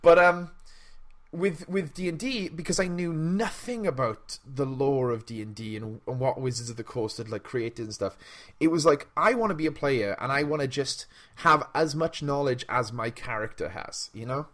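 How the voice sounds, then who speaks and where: Here a male podcast co-host keeps things relaxed, his mid-range voice moving at normal speed. Laughter breaks in regularly as he spins energetic stories.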